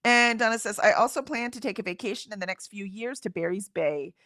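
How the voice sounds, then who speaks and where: A woman's voice: mid-range voice, brisk, a bit bright, no room sound, studio quality. A middle-aged woman from Houston, chatting casually on a livestream, rambling and laughing as she reads out comments. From Houston, Texas. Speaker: livestream host. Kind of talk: casual chat reading comments.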